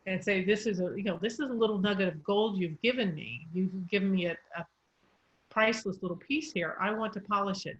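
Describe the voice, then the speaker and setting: A woman's voice: mid-range voice, fairly quick, highs cut off. A woman speech coach explaining English pronunciation in an encouraging, patient way. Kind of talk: coaching session.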